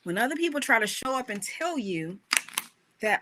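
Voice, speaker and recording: A woman coach preaching a motivational message with animated emphasis and a fairly high voice. She talks to the crowd in a conversational way, tossing in rhetorical questions. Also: fairly quick. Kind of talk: motivational talk, sermon-like.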